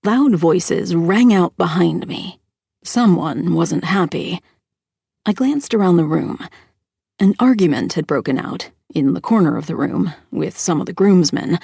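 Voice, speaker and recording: A woman narrating a first-person mystery audiobook in a steady storytelling voice on a close microphone. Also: lowish voice, creaky, husky, no room sound.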